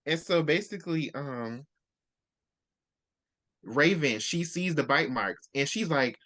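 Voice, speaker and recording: Animated book chatter retelling a plot. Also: medium pitch, takes it slowly. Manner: animated retelling, acting out characters' lines. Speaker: book review co-host. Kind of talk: casual book discussion.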